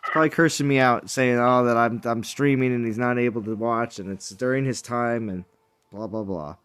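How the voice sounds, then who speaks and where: A man's voice: medium pitch, steady tone, moderate pace, a bit bright, clear, resonant tone. A man streaming a mobile game, chatting in a rambling, jokey way with friends and viewers. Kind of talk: casual live-stream chat.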